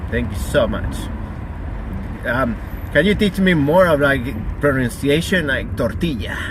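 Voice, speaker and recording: A man's voice: medium pitch, expressive, unhurried, noisy background. A man streaming, joking around casually and swearing freely while he practices phrases.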